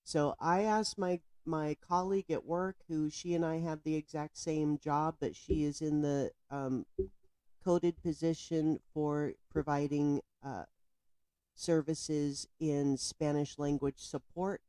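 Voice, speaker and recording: A woman's voice: low voice, steady tone, slow, dark tone, no echo. A woman giving indignant, emphatic commentary on a news story, speaking straight to the viewer. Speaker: political commentator.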